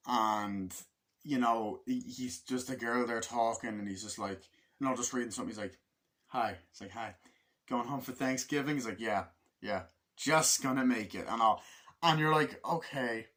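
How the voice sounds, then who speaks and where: A man giving a casual, rambling movie review, acting out scenes in quick voice switches and swearing freely. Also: medium pitch, a bit bright. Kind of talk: casual spoken film review.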